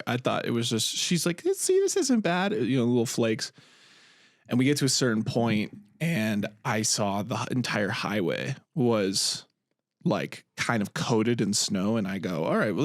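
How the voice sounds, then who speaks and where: This podcast co-host, a young man with a fairly low, expressive voice, speaks at a measured pace. He swears freely while telling a story in casual conversation, acting out the quotes on his podcast mic. The recording is studio quality with no echo.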